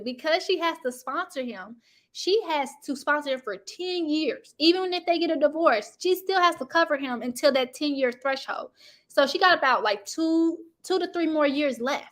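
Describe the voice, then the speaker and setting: Chatty high-voiced woman gossip host. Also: normal speed. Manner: chatty, animated, addresses viewers as y'all. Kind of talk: casual reality TV gossip commentary.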